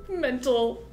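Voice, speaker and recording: A woman's voice: high voice, darkish tone. A young adult woman chatting casually on a game stream, rambling, giggling and poking fun at herself. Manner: rambling, giggly, self-deprecating. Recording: roomy sound with game music. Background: game music.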